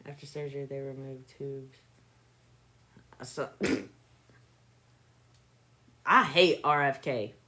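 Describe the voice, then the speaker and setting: A woman's voice: a bass voice, steady tone, slow pace, long pauses, sharp tone. A woman hosting a live stream, chatting casually and joking with frequent laughter, recorded on a phone. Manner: joking, laughs often, playful teasing. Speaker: livestream host. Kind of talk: casual chat.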